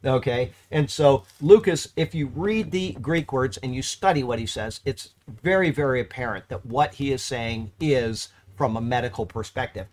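A man teaching verse by verse through a Bible letter, halting and correcting himself, then pressing points with emphasis. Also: mid-range voice, a little mellow.

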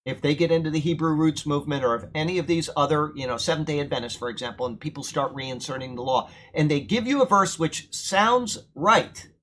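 A man's voice: on the high side, a little fast, hardly any pauses, a bit bright, slight background noise. A man teaching a verse-by-verse sermon, explaining scripture in a conversational, emphatic way and checking in with his listeners. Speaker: preacher teaching from Bible.

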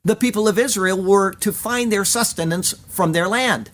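A man with a slightly higher voice gives an earnest, emphatic verse-by-verse Bible commentary. He reads out Hebrew phrases and stresses them as he explains the text. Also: moderate pace. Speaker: Bible teacher.

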